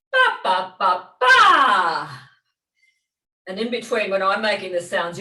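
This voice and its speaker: An Australian woman leading an online vocal warm-up workshop, giving relaxed, encouraging instructions with loose fillers. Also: on the low side. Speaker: movement and singing workshop leader. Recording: echoey room, distant from mic.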